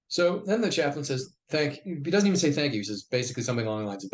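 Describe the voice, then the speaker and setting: Brief: middle-aged veteran man, mid-pitched voice, conversational yarn-spinner who acts out the quotes. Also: rapid-fire, few pauses, a little hiss or hum. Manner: acts out quoted dialogue in lively bursts. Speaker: podcast guest, army veteran. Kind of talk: conversational storytelling.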